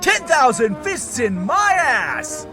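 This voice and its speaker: A shrill, manic gang leader who shrieks crude insults in a very high voice that leaps all over the place. Loud music plays behind him throughout. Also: male voice, wildly swooping pitch, takes it slowly, exaggerated voice. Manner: squealing, crude shouted insults. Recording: music playing loudly behind.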